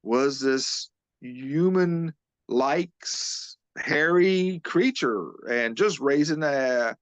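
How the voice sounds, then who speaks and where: Man retelling a story haltingly. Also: mid-range voice, no echo, highs cut off. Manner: halting, earnest retelling with many restarts. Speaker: guest, physical therapist. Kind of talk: telling a witness story in an interview.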